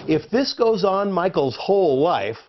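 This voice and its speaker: A man's voice: high voice, very animated, unhurried. A man narrating an educational video in a playful quiz style. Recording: dull lo-fi audio with faint music.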